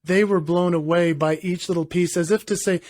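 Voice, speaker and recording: A man's voice: high voice, fairly quick. A man, a performer and author, telling stories animatedly as a guest in a casual interview. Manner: animated storyteller.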